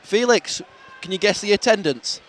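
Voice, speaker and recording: A man's voice: high-pitched, expressive, moderate pace, heavy background noise. A young man co-hosting a podcast, joking and laughing through casual banter at a football stadium. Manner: jokey, laughs often, does impressions. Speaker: podcast co-host. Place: football stadium stands, outdoors.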